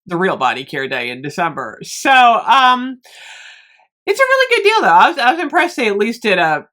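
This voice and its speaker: Bubbly, bright-voiced woman vlogger. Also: fairly high pitch, huge pitch swings, normal speed. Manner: bubbly, apologetic, laughs often. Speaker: beauty vlogger. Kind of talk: casual chat to camera.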